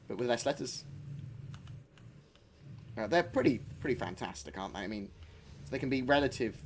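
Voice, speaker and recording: A man's voice: medium pitch, slight background noise. A man livestreaming a game, chatting casually, joking and swearing at it while answering chat. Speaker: game streamer.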